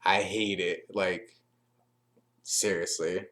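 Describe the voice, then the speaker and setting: Low-voiced man casually recapping wrestling. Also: flat delivery, slow pace, a bit bright. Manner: chatty, loose, with frequent fillers and restarts. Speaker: wrestling show reviewer.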